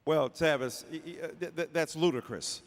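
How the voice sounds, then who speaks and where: A man from Detroit giving an impassioned speech as a panelist, with a preacher-like cadence, repeating phrases and shouting. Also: fairly high pitch, moderate pace. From Detroit, Michigan. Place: large auditorium before live audience. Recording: echoey hall with faint noise.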